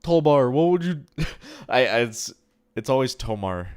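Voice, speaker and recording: A man's voice: mid-range voice, sing-song, normal speed. A man streaming live, chatting casually and answering chat, rambling and swearing freely.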